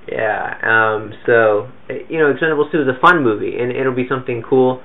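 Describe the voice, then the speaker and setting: A man's voice: mid-range voice, normal speed, gravelly, few pauses. A man chatting casually as a podcast co-host and film reviewer, rambling along with fillers and restarts. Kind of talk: casual chat. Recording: tinny phone-like sound.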